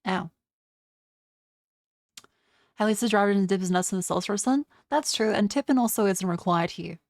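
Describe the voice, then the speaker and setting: A woman's voice: medium pitch, fairly quick, darkish tone, dry recording, studio quality. A young woman streamer in casual livestream chat, ranting with a lot of swearing and mocking others in put-on voices. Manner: profane, ranting.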